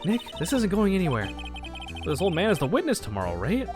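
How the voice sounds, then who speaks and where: A woman's voice: on the low side, huge pitch swings, a little fast, over music. Woman voicing an eager young sidekick girl. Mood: urgent.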